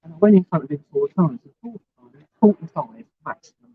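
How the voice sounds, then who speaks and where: A woman's voice: deep voice, a little fast, slight background noise. A woman chatting casually and telling stories outdoors, swearing freely as she talks. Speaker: livestreamer chatting with passers-by. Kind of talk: casual street chat. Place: outdoors near a court building. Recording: tinny, dry phone audio.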